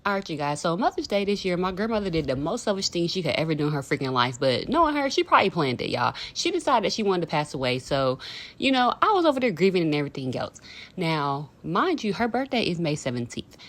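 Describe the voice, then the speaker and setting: A woman's voice: on the low side, big pitch swings, quick pace. A woman, telling a dramatic storytime in slangy casual chat. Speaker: vlogger.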